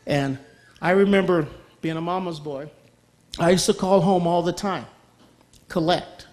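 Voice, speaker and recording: A man's voice: sits high, steady tone, measured pace, darkish tone. A middle-aged man giving an earnest personal testimony as a guest speaker, often checking in with his audience by asking okay. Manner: earnest, repeats phrases, asks okay.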